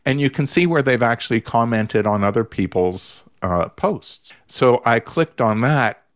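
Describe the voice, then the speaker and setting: A man's voice: mid-range voice, expressive, a little slow. A man, a therapist guest in a casual radio chat, telling an exasperated story full of restarts.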